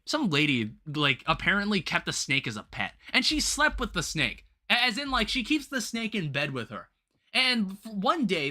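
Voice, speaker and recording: A young man with a high, bright voice rambles through a casual livestream chat, swinging his pitch widely as he rants. He keeps restarting his sentences and talks straight to his viewers. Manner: rambling, animated ranting with restarts and laughs. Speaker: livestream host.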